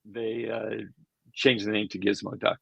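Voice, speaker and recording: A man's voice: on the low side, level tone, unhurried, gravelly, slightly rough, no echo. An older man, an animation creator, telling rambling anecdotes in a casual interview, chuckling and acting out quoted voices. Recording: dull lo-fi sound.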